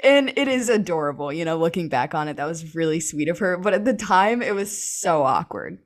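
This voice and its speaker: A woman's voice: fairly low pitch, expressive, fairly quick. A young woman telling a personal story as an interview guest, chatty and full of fillers, laughing often.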